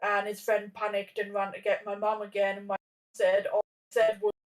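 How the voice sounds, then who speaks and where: A woman's voice: medium pitch, monotone, a little fast. A woman in her thirties tells a story in loose, casual chat, piling up fillers and restarting her sentences. She sits a little away from the microphone, so her voice comes across slightly distant. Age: 30s. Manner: rambling, many fillers and restarts. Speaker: podcast guest.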